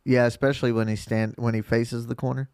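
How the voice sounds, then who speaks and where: A man's voice: mid-range voice, level tone, a little fast, darkish tone, clean tone, no room sound, studio quality. A man, co-hosting a podcast, teasing his friends and swearing in casual banter. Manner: teasing, profane. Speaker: podcast co-host.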